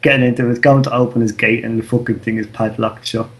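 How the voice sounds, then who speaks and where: Irish man, thirties, podcast co-host, slangy storyteller, swears a lot, mid pitch. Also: flat delivery, fast, fairly bright tone. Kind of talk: casual chat.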